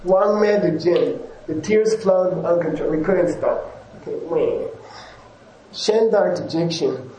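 A man's voice: on the high side, unhurried, dark tone, reverberant, a little hiss or hum, rough recording. A man, a yoga teacher, giving a casual rambling talk to his class, often chuckling and correcting himself.

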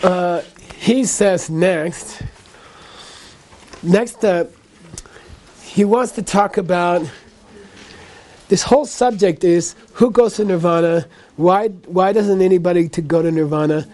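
A man's voice: high voice, takes it slowly, pauses often, warm tone. A man teaching a Buddhist class in a loose, conversational way, checking in with "okay?" as he goes. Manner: conversational, frequent "okay?" and "you know".

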